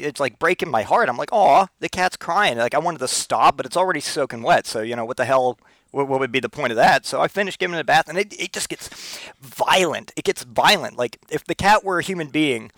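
A man's voice: on the high side, expressive, a little fast, a bit bright, no echo. A man hosting a casual solo podcast, telling rambling, profane, comic stories. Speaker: podcast host.

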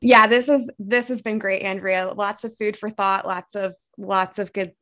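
A woman co-hosting a casual podcast, upbeat and quick to laugh as she wraps up with her guest. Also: medium pitch, level tone, a bit bright. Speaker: podcast co-host.

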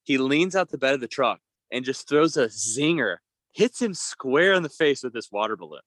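Young man, lively, swearing storyteller. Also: mid-range voice, normal speed, no echo. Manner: rambling, profane, laughs while telling stories. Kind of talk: casual storytelling chat.

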